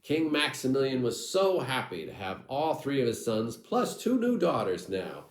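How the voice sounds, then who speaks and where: A male storyteller spins a folk tale with wry, irreverent asides. His middle-pitched voice is very animated. The recording has a roomy echo. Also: normal speed.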